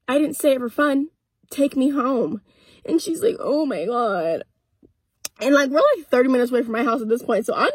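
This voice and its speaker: A young woman recounts a personal story from inside a parked car, blunt and profane, acting out the back-and-forth as she goes. Her voice sits a little high with a husky edge. The sound is dry and close, with no room echo. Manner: blunt, profane, animated retelling with quoted dialogue. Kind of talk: casual storytime vlog.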